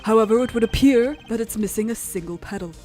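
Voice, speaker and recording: A woman reading the lines of a composed, formal male prosecutor in a video game, in a measured, confident way. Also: a little high, darkish tone, soft background music, close to an everyday voice.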